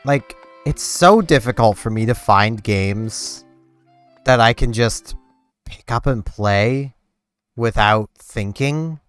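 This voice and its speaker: Taking his time, a young man with a clean, medium-pitched voice and no echo rambles casually as he plays a game on his channel. He uses "like" often, with faint game music in the background.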